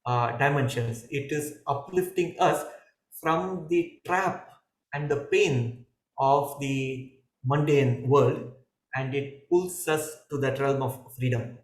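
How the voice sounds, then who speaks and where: Calm man explaining in an echoey room. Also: mid-range voice. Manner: calm, measured explanations with hesitant restarts. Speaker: yoga teacher and guest. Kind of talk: explaining in a podcast dialogue.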